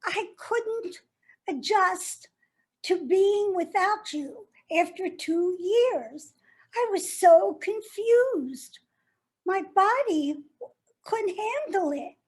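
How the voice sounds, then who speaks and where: A woman's voice: very high voice, animated, drawn-out words, full character voice. An actress playing a jilted woman who turns bitter and sardonic as she addresses her former lover in a stage monologue. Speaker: actor performing a monologue.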